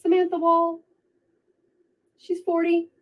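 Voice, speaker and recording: A woman's voice: extremely high pitch, completely flat delivery, slow, voice pushed up. Woman playing a stammering, panicking man. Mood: panicked. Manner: stammering, frantic repetition. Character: panicking man confessing to police. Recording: dull lo-fi sound.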